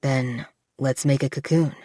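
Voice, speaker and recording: A tender young man murmurs in a lowered, hushed voice, as a woman narrator puts him on. Spoken close to the mic with no room sound, it suits a romance audiobook. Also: fairly even intonation, a little slow, no echo. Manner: low and hushed. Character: tender young adult male lover.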